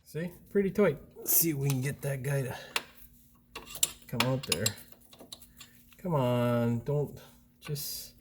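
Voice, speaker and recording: A man's voice: medium pitch, slow pace, pauses often, heavy background noise. A man hosting a hands-on car repair tutorial, talking in a casual, blunt and mildly profane way, recorded on a camera mic in a garage workshop. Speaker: mechanic and channel host.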